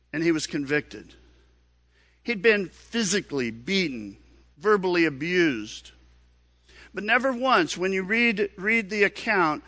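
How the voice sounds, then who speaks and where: A pastor preaching a sermon in an earnest, questioning manner, often repeating words. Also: male voice, high-pitched, pushed and bright, no room sound.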